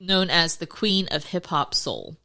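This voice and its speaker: A woman co-hosts a relaxed podcast chat, laughing a lot and stumbling through her sentences with fillers. Her voice sits a little low for a woman and sounds bright. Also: unhurried. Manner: laughs often, fillers and self-corrections. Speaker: podcast co-host. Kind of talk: casual chat.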